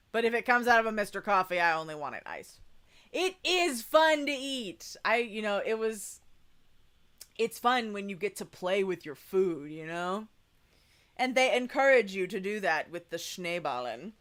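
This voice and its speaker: A woman's voice: medium pitch, fairly bright tone. A young woman chatting casually in a travel vlog voice-over, rambling with lots of fillers. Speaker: vlogger.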